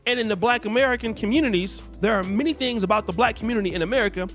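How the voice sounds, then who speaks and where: A man's voice: sits high, racing, fairly bright tone, soft background music. A man giving earnest, emphatic opinion commentary, often restarting his sentences.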